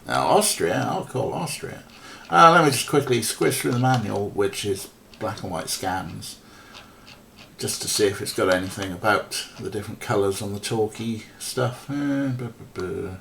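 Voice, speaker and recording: A man's voice: fairly low pitch, moderate pace, gravelly, fairly bright tone, a little hiss or hum. A man casually commentating a game stream, rambling and mocking, with lots of ums and swearing. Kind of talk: casual let's play commentary.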